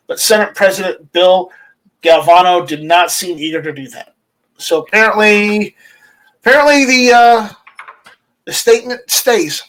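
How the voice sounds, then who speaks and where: A man hosting a casual online chat, talking in a halting way with many repeats and fillers. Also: sits high, a bit bright, poor audio. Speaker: host.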